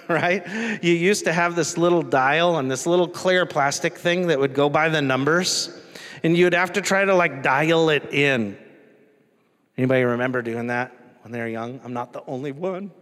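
A man's voice: a little high, moderate pace, fairly bright tone. Conversational male pastor in a reverberant hall. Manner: casual, conversational, asks the congregation questions. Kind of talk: sermon.

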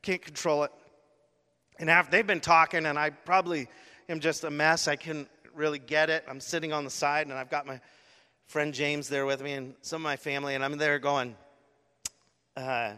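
A middle-aged man telling his conversion story in a sermon, emotional and animated, acting out his own gasps and words. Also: on the high side, brisk, clean tone. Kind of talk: sermon testimony. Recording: long hall reverb.

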